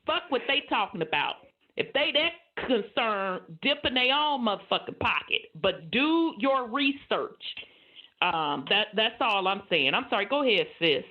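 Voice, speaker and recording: A woman's voice: on the high side, expressive, unhurried. A woman co-hosting a casual talk show, speaking bluntly and with a lot of profanity. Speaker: podcast co-host. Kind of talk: casual opinionated chat. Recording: muffled lo-fi audio.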